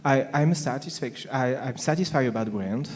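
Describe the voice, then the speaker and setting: French-accented male panelist, mellow tone, hesitant, conference hall echo. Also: medium pitch. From France. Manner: halting, many fillers and restarts. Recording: long hall reverb.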